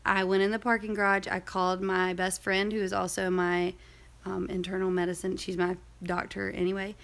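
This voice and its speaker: A young woman chats her way through a personal story, rambling and full of asides. Her mid-range voice carries a gravelly fry that shows up often. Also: mid-range voice, little pitch movement, normal speed, a bit bright. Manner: chatty, rambling, many fillers and asides. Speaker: vlogger. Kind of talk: casual storytelling vlog.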